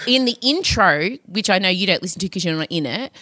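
A woman, hosting a podcast in lively casual chat, laughing and swearing freely. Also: lowish voice, fast talker, no room sound, clean studio sound. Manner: animated, swearing, lots of laughter. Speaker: podcast host.

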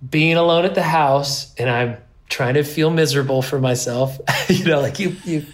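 Man telling stories with animated asides. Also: a little high, moderate pace, soft background music. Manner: rambling, self-deprecating, animated in quoted asides. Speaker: guest, pro snowboarder. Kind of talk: casual interview storytelling.

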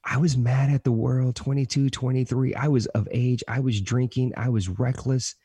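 Podcast guest: earnest, emphatic man with a gravelly, warm voice who repeats his points for weight. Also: medium pitch, steady tone, moderate pace, dry recording. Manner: self-described positive motivational talker. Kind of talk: personal storytelling in a podcast conversation.

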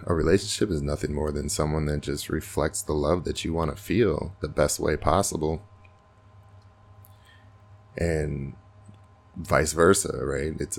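A man with an extremely deep voice and a gravelly, fry-heavy edge hosts a podcast. He muses in an earnest, reflective way, as if thinking aloud in a casual spiritual monologue. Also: steady tone, a little slow. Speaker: podcast host.

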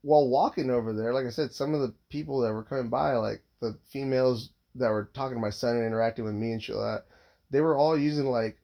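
A man's voice: mid-range voice, quick pace, gravelly, muffled recording. A man in his thirties, a father, telling a long casual story, rambling and swearing constantly with lots of filler words.

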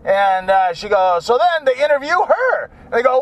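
A man's voice: high-pitched, sing-song, moderate pace, few pauses. A man talking in a casual, rambling, jokey monologue as a vlogger.

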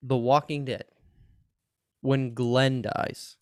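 A man co-hosting a podcast, chatting casually in a loose, profane, animated way. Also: medium pitch, slow, clear, resonant tone, no room sound, clean studio sound. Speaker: podcast co-host. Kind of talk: casual chat.

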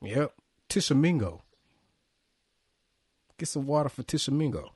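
A man hosting a casual chat, animated and joking with loud laughs. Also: medium pitch, unhurried, husky. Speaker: podcast host.

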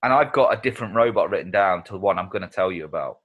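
A man's voice: sits low, animated, very fast, husky, phone-quality sound. A man co-hosting a podcast in casual chat, who laughs easily and talks with animation. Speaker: podcast co-host.

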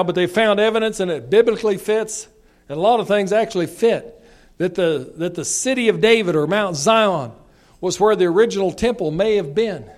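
A man preaching a revival sermon, reading scripture quietly and then building to loud, shouted exhortation. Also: sits high.

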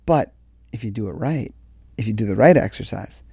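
A man's voice: lowish voice, animated, moderate pace, vocal fry, dark tone, breathy edge, no echo, studio quality. A man speaking earnestly in a conversational motivational monologue, drawing out key words for emphasis. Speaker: speaker sharing advice on exercise and mindset.

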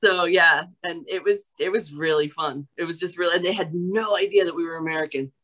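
Bright chatty woman from new york, animated storyteller, talking as a guest. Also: on the low side, brisk, rough recording. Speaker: guest, actress. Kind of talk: casual chat.

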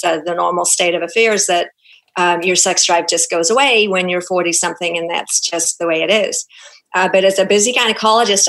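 A woman in her fifties with a New Zealand accent appears as a gynecologist guest on a podcast interview. Her voice is fairly low and a bit bright, and she speaks frankly and candidly with many fillers. The audio quality is poor.

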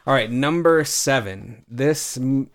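A man's voice: mid-range voice, animated, slow pace. A man chatting casually about his movie ranking list, hesitant and restarting often.

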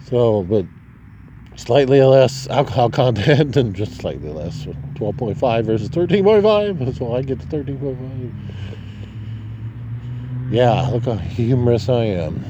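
A man's voice: medium pitch, big pitch swings, unhurried, muffled recording, background noise. A man from Nebraska, tipsy, rambling and swearing in a casual vlog monologue outdoors on a city street at night. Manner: rambling, profane, chuckling. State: drinking, tipsy. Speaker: vlogger.

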